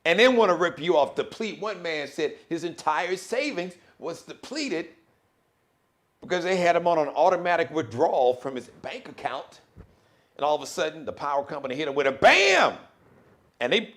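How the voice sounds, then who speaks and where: A man hosting a live daily show delivers an animated, preachy monologue that swings between loud outbursts and hushed warnings. His voice is on the high side, at normal speed.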